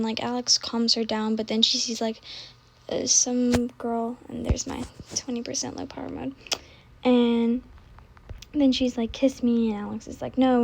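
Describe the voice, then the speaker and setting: A young woman in casual, scattered chat, often trailing off, restarting and dropping to soft asides. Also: fairly high pitch, slight background noise. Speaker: book vlogger. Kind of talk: casual rambling chat while gaming.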